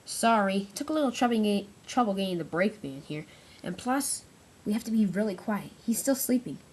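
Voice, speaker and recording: A woman voicing a grumpy, impatient male diesel engine in a homemade toy-train story, speaking in a hushed and hurried way. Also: mid-range voice, expressive, slightly rough.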